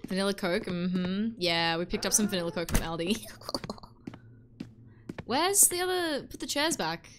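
A woman's voice: fairly low pitch, fairly quick, background noise. A woman chatting casually on a live stream while playing a game, joking and greeting her chat between yawns.

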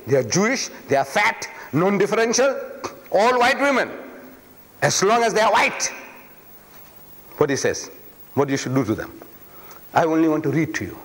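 Male lecturer, rhetorical and emphatic, lively melodic delivery, echoing hall. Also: fairly high pitch. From South Africa. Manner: emphatic, rhetorical, repeats phrases for effect. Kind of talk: public lecture. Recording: long reverb of a lecture hall.

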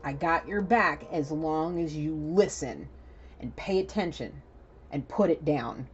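A stern male sheriff spirit with a Southern drawl barks blunt orders, as a woman passes his words along. The voice sits fairly low, and the recording is a little dull with a faint hiss. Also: unhurried. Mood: commanding. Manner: commanding, blunt warnings.

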